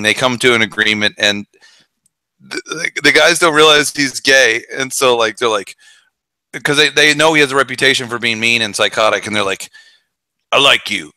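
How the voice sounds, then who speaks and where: On a casual podcast, a male co-host animatedly retells movie scenes and acts out the characters' lines. His mid-range voice is pushed and bright with a clean tone and no room sound, though the recording is low quality.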